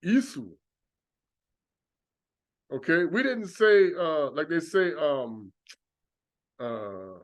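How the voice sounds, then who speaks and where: A man's voice: a little high, sing-song, takes it slowly, pauses often, muffled recording. A man giving an informal sermon as a religious teacher, acting out mocking voices of doubters.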